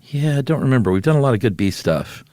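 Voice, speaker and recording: A man's voice: mid-range voice, lively intonation, quick pace, mellow, no echo. A man co-hosting a podcast, explaining things in an easygoing way and laughing often. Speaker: podcast co-host. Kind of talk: casual chat.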